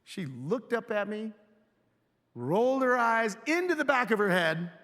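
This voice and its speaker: A high, lively male voice with a bright, forceful edge. He delivers a keynote to a live audience, firing questions at the crowd and pulling them in. The sound carries a long hall reverb. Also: measured pace. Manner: energetic, engages audience with questions. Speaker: keynote speaker. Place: large hotel event hall.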